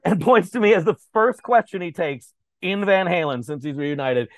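Profane, lively storyteller guest, dry close sound. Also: male voice, fairly high pitch, normal speed, no room sound. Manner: animated, profane, acts out voices. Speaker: podcast guest. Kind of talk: casual storytelling.

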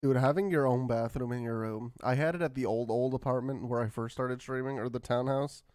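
A man's voice: mid-range voice, a little fast, darkish tone, dry recording, clean studio sound. A man streaming a game and commenting with crude jokes. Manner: crude, joking.

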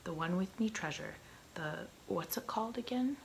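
A woman's voice: medium pitch, expressive, normal speed, creaky, a little hiss or hum, low-quality recording. A woman whispering a vain, short-tempered male pirate captain in a whispered role-play. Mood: gruff.

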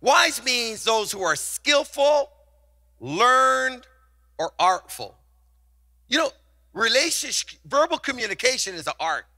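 A man's voice: extremely high pitch, sing-song, slow pace, sharp tone. A middle-aged male pastor preaching a sermon with passion, calling on the congregation to repeat after him. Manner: passionate, call-and-response preaching.

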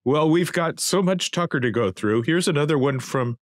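A man's voice: on the high side, lively intonation, normal speed, no room sound, clean studio sound. A man hosting a casual talk show, presenting items and pushing back with pointed questions. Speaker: host.

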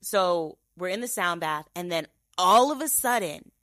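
A woman's voice: lowish voice, a little slow, no room sound. Chatty young woman, dry close sound. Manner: animated, filler-heavy storytelling, mimics her own inner voice. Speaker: podcast host. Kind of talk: casual storytelling chat.

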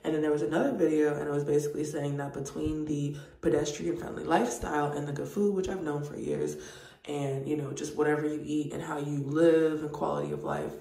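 Woman vlogging, chatty and cussing a lot, raspy fry, far from the mic. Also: sits low. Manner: animated, profane, chatty. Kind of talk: casual chat to camera. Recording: roomy, distant mic.

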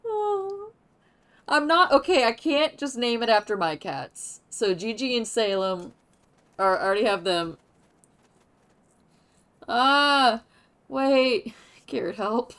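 A woman's voice: a little high, expressive, takes it slowly, long pauses, fairly bright tone. Giggly, flustered young woman streamer. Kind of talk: casual gameplay commentary.

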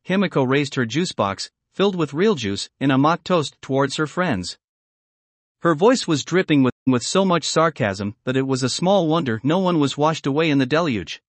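A man reading fan fiction aloud as narrator in a steady storytelling read. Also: a little high, moderate pace, no echo.

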